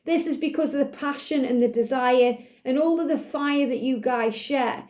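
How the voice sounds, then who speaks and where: A woman giving a spiritual tarot card reading in a soothing, affirming manner, a little out of breath, repeating phrases slowly. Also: sits high, darkish tone.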